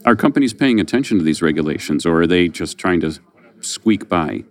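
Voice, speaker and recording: A man's voice: low voice, lively intonation, brisk. A man hosting an interview, asking questions in a conversational, lightly sarcastic way. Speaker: interviewer host.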